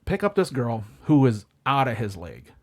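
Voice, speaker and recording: Profane storytelling man, middle pitch. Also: normal speed. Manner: profane, animated, acts out quotes. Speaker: podcast guest, former limo driver. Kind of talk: casual storytelling chat.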